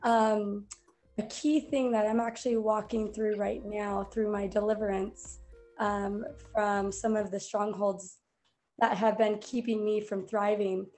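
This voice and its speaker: A woman speaking over her computer on a group video call, thoughtful and hesitant, with many pauses and fillers. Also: medium pitch, little pitch movement, a little mellow, faint music behind. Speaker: participant on a call. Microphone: computer mic.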